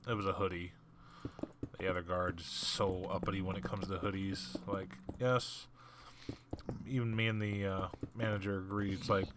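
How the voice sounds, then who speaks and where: A man hosting a gaming channel, casually telling a story while he plays and jumping higher in pitch when he quotes people. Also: background noise. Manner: animated retelling, jumps higher when quoting people.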